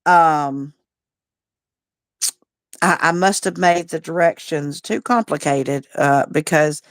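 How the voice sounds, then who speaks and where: A woman's voice: low voice, slow, dry recording, clean studio sound. A woman hosting a casual livestream, talking in a chatty, folksy way and greeting viewers by name. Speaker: livestream host.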